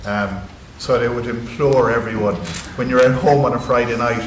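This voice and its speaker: A man's voice: mid-range voice, fairly even intonation, normal speed. An Irish man speaking on a conference panel as a rugby club executive, talking earnestly with many fillers and restarts. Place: university conference hall. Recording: echoey hall with background noise.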